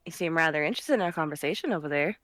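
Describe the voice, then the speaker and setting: A woman's voice: low-pitched, animated, racing, a bit bright, no room sound, clean studio sound, voice pushed down. A woman voicing a flirtatious female cat adventurer who teases and coaxes in a loose put-on accent. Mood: teasing. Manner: teasing, coaxing, with a faltering put-on accent.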